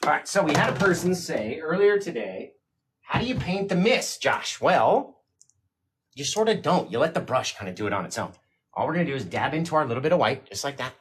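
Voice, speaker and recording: Excitable man teaching a painting livestream. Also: a little high, a little fast, a little hiss or hum. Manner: excited, talks to chat while painting. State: teary, sniffling. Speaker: painting instructor. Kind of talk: live-streamed painting lesson.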